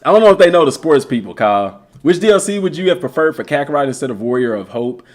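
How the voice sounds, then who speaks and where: A young man chatting casually on a live stream, reading chat aloud in a slangy, animated way, his voice a bit worn from talking for hours. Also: fairly high pitch, fast.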